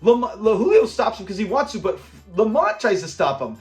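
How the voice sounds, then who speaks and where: A man's voice: sits high, big pitch swings, moderate pace, darkish tone, soft background music. Upbeat man recapping a sitcom episode. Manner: enthusiastic, acts out quoted lines. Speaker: show host. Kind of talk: casual episode breakdown.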